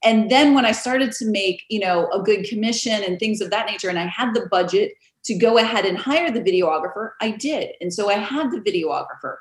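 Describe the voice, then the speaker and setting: A woman realtor telling stories in a casual interview, animated and quick to laugh, acting out the voices of others. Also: mid-range voice. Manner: animated storyteller, acts out quoted voices, laughs often. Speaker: realtor guest. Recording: roomy echo.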